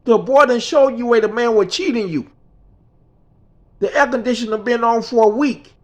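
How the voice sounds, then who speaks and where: A woman's voice: fairly high pitch, moderate pace, lightly acted. A man voicing his indignant mother as she defends her son, in an emphatic, scolding way.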